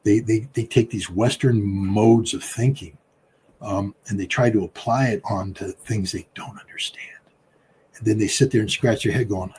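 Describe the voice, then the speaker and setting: A man with a husky voice giving political commentary in an interview, talking in an emphatic, combative way. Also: fairly even intonation, moderate pace. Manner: emphatic and combative, with big swings in pitch and loudness. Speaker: political commentator, former weapons inspector.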